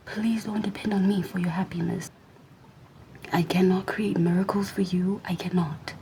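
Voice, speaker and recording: Young woman whisper-ranting to cam, sassy, mellow low-key tone, faint hiss behind. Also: steady tone, moderate pace, rough recording. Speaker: vlogger. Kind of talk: whispered rant to camera.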